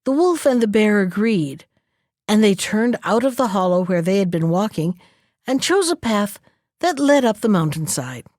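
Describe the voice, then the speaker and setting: A woman storyteller reads a folktale aloud in a clear, expressive way. Her voice sits at an everyday middle pitch. The sound is dry and close, with no room. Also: normal speed, no room sound. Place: library.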